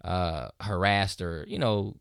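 A man's voice: sits low, slow pace, vocal fry, dry recording, studio quality. A man co-hosting a podcast, chatting casually and retelling stories with lots of fillers. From United States. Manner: conversational, animated when retelling stories, frequent fillers. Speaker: podcast co-host. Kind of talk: casual discussion.

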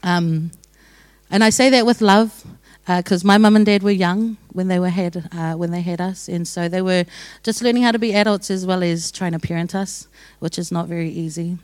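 A woman's voice: fairly low pitch, normal speed, darkish tone, no room sound. A young woman sharing her testimony with a church gathering in a casual, joking way, often laughing as she talks. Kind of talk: sermon testimony.

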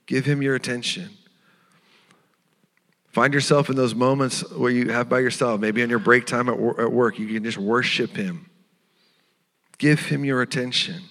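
A man preaching a sermon as pastor, earnest and tender, sometimes dropping to a hushed voice. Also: mid-range voice, steady tone, normal speed, long pauses, big-room sound. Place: church sanctuary.

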